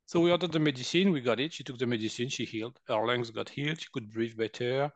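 Animated French man telling stories. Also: mid-range voice, quick pace, few pauses, no room sound. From France. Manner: animated, acts out quotes, laughs often. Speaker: guest, energy healer. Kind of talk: personal storytelling in conversation.

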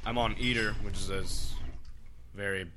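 A man's voice: fairly low pitch, fairly even intonation, normal speed, a loud crowd. A man, a bartender, telling a workplace story in a laid-back podcast chat, sprinkled with "literally" and "like".

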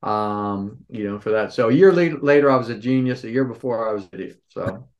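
This man, in his sixties, owns a store and hails from the Philadelphia area. His lowish voice moves briskly over dull audio as he tells stories in answer to a podcast interviewer, animatedly performing each quoted character.

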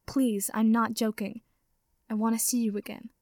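A woman's voice: fairly high pitch, flat delivery, normal speed, a little mellow, dry recording, studio quality, natural voice. A woman reading the lines of an earnest, affectionate young wizard man, sincere and pleading.

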